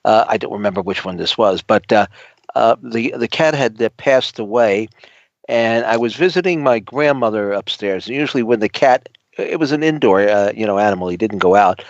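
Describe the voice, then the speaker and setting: Man, halting talk-show co-host, lots of uh's, dry dull lo-fi sound. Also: lowish voice, animated, dry recording. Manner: hesitant, halting, many uh's. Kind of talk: casual talk-show chat. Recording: dull lo-fi audio.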